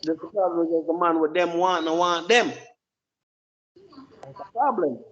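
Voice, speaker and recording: A man's voice: a little high, measured pace, lo-fi sound. A man with a Jamaican accent delivering an emphatic, preachy opinion monologue, often repeating his words. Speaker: commentator.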